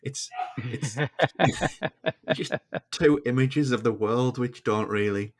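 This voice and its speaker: A man's voice: mid-range voice, slow. A man who is a podcast guest, chatting casually and laughing between remarks. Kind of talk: casual film discussion.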